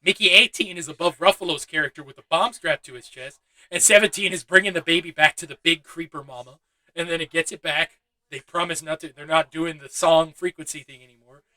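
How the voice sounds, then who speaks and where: A man's voice: a little high, fairly quick, pushed and bright, no room sound, poor audio. A young man giving a loose, chatty movie review, swearing freely and laughing at his own asides. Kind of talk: casual spoken film review.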